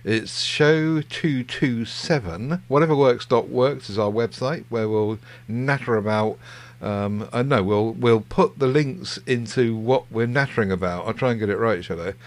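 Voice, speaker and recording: A man's voice: mid-range voice, measured pace. A man co-hosting a podcast in casual chat, rambling with plenty of ums and restarts. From Wales. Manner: rambling, hesitant, many ums. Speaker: podcast co-host.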